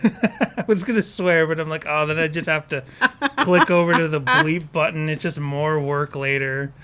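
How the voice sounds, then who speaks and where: A man's voice: on the high side, level tone, moderate pace, bright, forceful tone, a little hiss or hum. A man co-hosting a casual podcast, rambling, joking and correcting himself as he talks on a porch. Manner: rambling, self-correcting, jokey. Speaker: podcast co-host.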